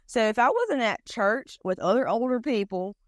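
A woman's voice: fairly high pitch, sing-song, normal speed, no room sound, studio quality. A woman in her thirties from North Carolina with a Southern accent, chatting down-to-earth as a podcast guest with lots of fillers. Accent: Southern US, eastern North Carolina. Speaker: podcast guest, pageant titleholder. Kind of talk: casual conversation.

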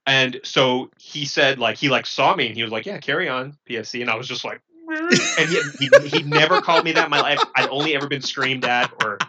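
A man casually recounting a story in halting bursts, full of fillers and restarts. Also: mid-range voice, sharp tone, poor audio. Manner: halting, filler-heavy, self-correcting. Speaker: former Marine recruit.

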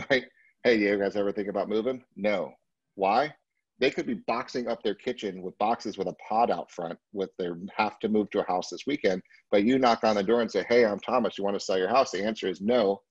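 A real estate sales trainer with a low, husky, slightly mellow voice leads a live sales training session. He's emphatic yet conversational, checking in with listeners as he explains each point. The sound is dry and a little muffled, with no echo.

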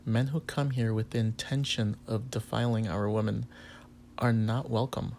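Stern officious customs officer guy, low flat gravelly voice, a man reading it out. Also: moderate pace, a little hiss or hum, lightly acted. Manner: curt, officious questioning. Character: stern male customs officer, cold and formal.

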